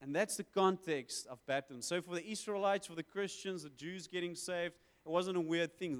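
A man preaching a sermon, conversational with quick asides and emphatic swells. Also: a little high, smooth. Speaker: pastor. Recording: hall with long reverb.

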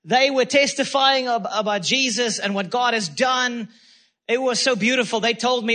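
A man's voice: very high voice, moderate pace, pushed and bright. A man preaching a sermon as pastor, fervent and repetitive, calling out praise between points. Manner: fervent preaching with repeated phrases and exclamations.

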